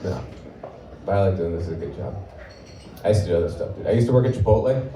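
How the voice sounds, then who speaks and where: A man's voice: deep voice, very animated, fast, noisy background. A man in his thirties from Portland, Oregon, performing a live stand-up comedy set with a wry, offhand, self-deprecating delivery. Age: 30s. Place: comedy club stage with live audience. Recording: roomy live club sound from a distance, audience laughter.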